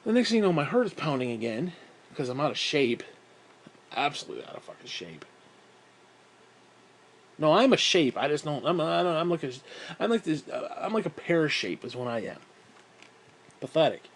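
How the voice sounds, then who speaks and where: A man rambles through a story in a casual monologue, swearing freely and mocking himself. He sounds fed up, often sighs between thoughts, and his voice sits slightly high for a man. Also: big pitch swings, fairly quick, a little hiss or hum. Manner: profane, exasperated and self-mocking, with frequent sighs. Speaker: vlogger.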